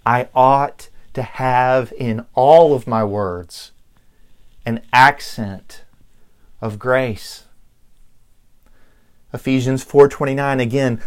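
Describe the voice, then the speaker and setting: A middle-aged man with a Southern US accent, preaching a sermon as pastor, slow and deliberate with emphatic pauses. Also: mid-range voice, clear, resonant tone. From Southern United States.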